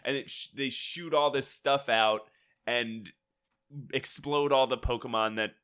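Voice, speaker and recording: A man's voice: mid-range voice, fairly even intonation, unhurried, sharp tone, smooth. A man co-hosting a casual comedy podcast, rambling through a story, laughing often and acting out quotes. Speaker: podcast co-host.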